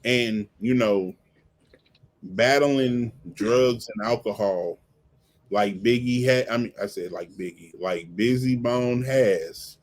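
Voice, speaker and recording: Excitable male podcast host, stumbles over repeated words, middle pitch. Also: takes it slowly. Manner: animated, repeats words when excited, acts out lyrics. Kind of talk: casual chat, music commentary.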